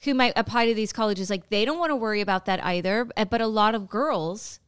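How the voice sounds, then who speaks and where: A woman's voice: mid-range voice, brisk, clear, resonant tone, dry recording, clean studio sound. A woman co-hosting a podcast in casual chat, talking in a chatty, earnest way. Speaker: podcast co-host.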